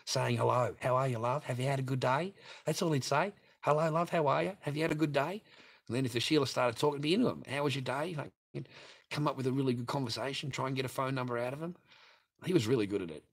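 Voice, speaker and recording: Australian man, low voice, husky, profane, rambling storyteller. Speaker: livestream host.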